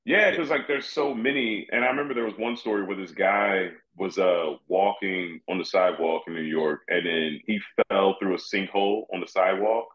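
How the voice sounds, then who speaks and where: A man who is a guest comedian, telling animated, profane stories in casual chat. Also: deep voice, normal speed, hardly any pauses. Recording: roomy, dull-sounding audio.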